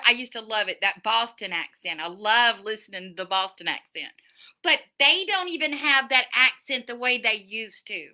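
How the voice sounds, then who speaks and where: A middle-aged woman, hosting a livestream, chatting casually with viewers and telling stories. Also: high voice. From Southern United States. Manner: chatty storyteller, animated, many restarts. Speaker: livestream host. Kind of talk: casual chat reading viewer comments.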